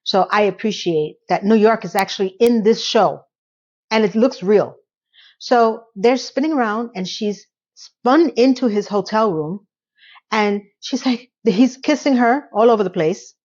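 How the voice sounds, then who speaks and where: A woman's voice: mid-range voice, measured pace, a little mellow, muffled recording. A woman giving a casual, sassy TV recap, talking straight to the viewer in a chatty way. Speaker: recap vlogger.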